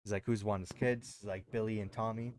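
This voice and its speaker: A man's voice: on the low side, fairly even intonation, a little fast. A man co-hosting a podcast, casually recapping a show in a rambling way with lots of fillers. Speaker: podcast co-host.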